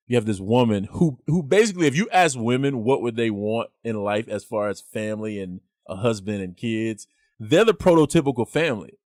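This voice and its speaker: A man's voice: medium pitch, dry recording, studio quality. A young man hosting a casual podcast, arguing his point with slang and emphatic rhetorical questions. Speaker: podcast host.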